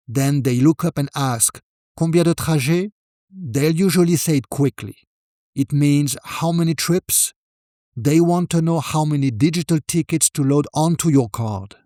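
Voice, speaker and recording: Guy teaching french phrases, calm and clear, kinda high voice, dry close mic. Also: no room sound. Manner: calm, clear explanations, models French phrases slowly with falling intonation. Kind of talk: scripted narration.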